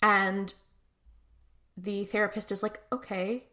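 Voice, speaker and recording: A woman's voice: mid-range voice, moderate pace, a bit bright. A woman co-hosting a podcast, chatting through a show recap and acting out characters' lines as she goes. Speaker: podcast co-host. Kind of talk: casual episode recap.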